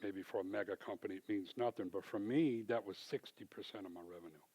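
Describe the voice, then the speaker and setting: A man giving a church testimony, an animated storyteller who acts out both sides of the conversations. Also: fairly low pitch, fast talker, husky. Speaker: small business owner giving testimony. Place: church sanctuary.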